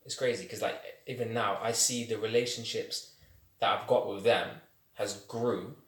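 Man, podcast guest, lively storyteller, roomy echo on the mic. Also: fairly low pitch, moderate pace. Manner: animated, laughs often, slangy storytelling. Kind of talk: casual chat. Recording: echoey room.

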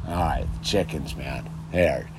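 A man's voice: rumbling low, measured pace, noisy background. A man talking outdoors in his yard in a casual, rambling monologue about sobriety and faith, saying "dude" constantly. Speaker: vlogger speaking on sobriety and faith.

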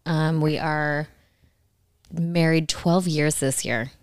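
Smooth-voiced woman podcast co-host. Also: sits low, steady tone, slow, no echo, clean studio sound. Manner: laughing, joking banter. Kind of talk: casual chat.

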